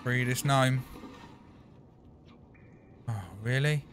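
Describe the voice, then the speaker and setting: A man commentating a video game as he plays, chatty and excitable, talking to the game as he goes. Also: mid-range voice, very slow. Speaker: gaming channel host. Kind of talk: gameplay commentary.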